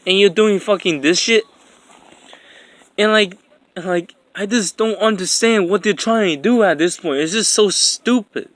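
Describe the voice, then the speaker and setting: Young male vlogger, high voice, dry close recording, rambling exasperated profane rant. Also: unhurried, a bit bright, no room sound. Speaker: anime commentator. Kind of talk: ranting commentary.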